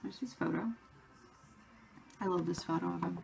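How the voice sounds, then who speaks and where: A woman vlogger telling a story in a casual, excited way, with lots of "like" fillers. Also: fairly low pitch, normal speed, gravelly, soft background music. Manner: excited retelling of a fan encounter, many "like" fillers.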